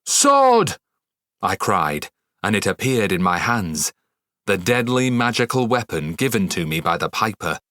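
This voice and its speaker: A man narrating a dark fantasy audiobook in the first person, measured and dramatic. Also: low-pitched, lively intonation, dry recording, studio quality.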